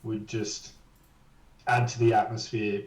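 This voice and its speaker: A man's voice: lowish voice, level tone, slow pace, darkish tone. Cheeky Australian man, echoey and distant. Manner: cheeky, teasing, heavy on slang. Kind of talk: casual live-stream chat.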